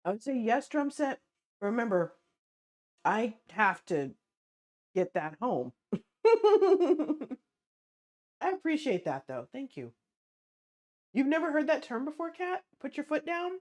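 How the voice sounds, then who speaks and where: A woman eats during a late-night stream, chatting casually, responding to chat and laughing often. Her fairly high voice is sing-song and unhurried, with frequent pauses.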